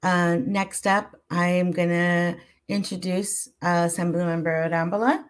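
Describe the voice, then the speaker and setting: A woman with a fairly low voice moderates an online session and introduces the next guest. She talks casually and warmly, addressing the audience as y'all. She is heard over a video call. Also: fairly even intonation, unhurried. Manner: warm, casual, uses y'all.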